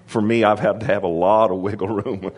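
With a darkish, breathy voice and fairly even intonation, this preacher moves fairly quickly through his sermon. He calls for responses from the congregation, his pitch rising for emphasis, and breaks off for casual asides and restarts.

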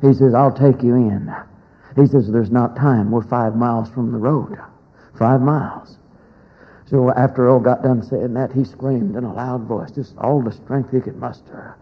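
Gravelly folksy preacher telling a story. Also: male voice, medium pitch, steady tone, a little slow, highs cut off. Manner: folksy storyteller, swings from shouting to hushed. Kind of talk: sermon storytelling.

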